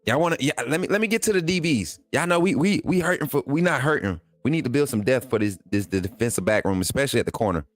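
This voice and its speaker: An excitable man hosting a sports livestream, talking straight to his viewers and reading their chat. He repeats phrases and uses casual slang. The sound is dry and close, with faint music underneath. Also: medium pitch, fast, few pauses, no echo. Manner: excitable, hypes players, talks straight to viewers. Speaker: sports channel host.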